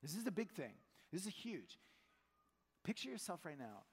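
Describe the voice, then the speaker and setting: A male pastor preaching a sermon in a conversational, animated way, acting out quotes. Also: high voice, moderate pace, husky. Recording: long church hall reverb.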